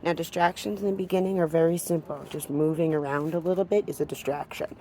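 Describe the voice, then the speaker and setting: Low-voiced woman training a dog. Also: fast talker, slight background noise. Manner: explains calmly, breaks off for short firm commands to a dog. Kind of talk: hands-on training demonstration.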